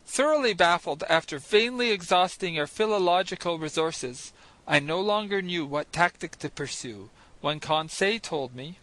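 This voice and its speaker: Bright-voiced male audiobook narrator. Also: sits high, expressive, moderate pace, no echo, rough recording. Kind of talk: scripted first-person narration.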